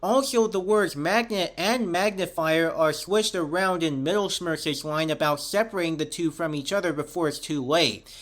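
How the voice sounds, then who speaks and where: A man's voice: on the high side, normal speed, fairly bright tone. A man hosting a show, reading a scripted review steadily and detail by detail.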